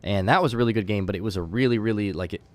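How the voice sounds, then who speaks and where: A man's voice: fairly low pitch, very fast, dry recording. Chatty man hosting a live tournament stream. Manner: chatty and rambling, with many fillers and restarts; talks straight to his chat. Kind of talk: casual live-stream commentary.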